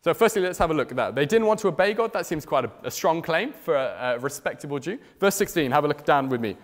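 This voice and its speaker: Male pastor, mid pitch, animated sermon delivery, reverberant church hall. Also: quick pace, hardly any pauses. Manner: animated storytelling with strong swings in pitch and loudness.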